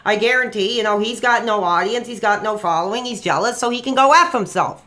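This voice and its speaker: A man's voice: high voice, a little fast, sharp tone. A young man streaming live and taking calls, rambling with fillers and flaring into angry rants at trolls. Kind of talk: live stream call-in chat.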